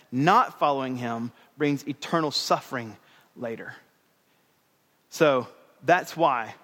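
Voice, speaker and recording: A young male pastor delivers a sermon in an easy, conversational way, circling back to repeat his key lines. His voice sits a little high for a man. The sound carries a long reverb from the church sanctuary around him. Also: fairly bright tone. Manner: conversational preaching with fillers and repeated phrases.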